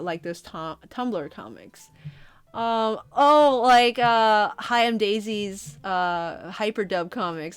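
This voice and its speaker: A woman's voice: medium pitch, clear, resonant tone. A young woman streaming as she reads a comic aloud, chatting casually with her viewers and using lots of fillers. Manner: chatty, relaxed, many fillers. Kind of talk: casual livestream chat.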